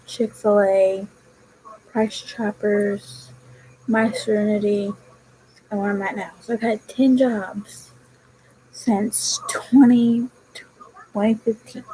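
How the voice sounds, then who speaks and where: A woman's voice: mid-range voice, flat delivery, slow pace, long pauses, darkish tone, slight background noise, low-quality recording. A young woman chatting casually on her vlog, telling a rambling story about her work. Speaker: vlogger. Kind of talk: casual chat.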